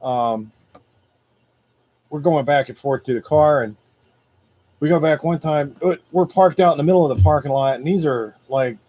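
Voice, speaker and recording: A man hosting a motivational video, telling a personal story in a casual, animated, slangy way. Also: a little high, normal speed, pauses often, dull audio. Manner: greets viewers live by name.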